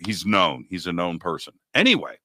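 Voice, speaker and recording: A man in his sixties hosting a talk show, telling a story in a lively conversational way and acting out the people he quotes. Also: sits low, moderate pace. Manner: animated, acts out quoted dialogue. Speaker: radio show host.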